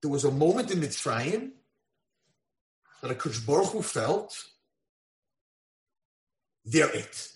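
Male lecturer, story-driven, animated delivery, high-ish voice, roomy echo. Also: slow pace, long pauses. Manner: animated, acts out voices in dialogue. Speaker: rabbi lecturer. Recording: echoey room.

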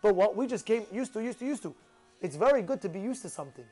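A man teaching a Torah class, animated, acting out excited voices with gasps and rhetorical questions. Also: high-pitched, fast talker, faint music behind.

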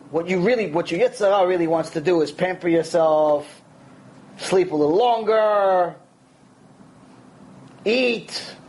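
A man giving a conversational Torah lecture, animated and acting out quoted voices along the way. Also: high-pitched, slight background noise. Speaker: rabbi.

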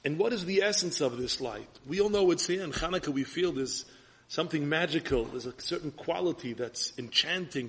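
A man with an Ashkenazi Hebrew pronunciation giving an earnest sermon as a rabbi, his voice husky. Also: on the high side, expressive, brisk, a bit bright.

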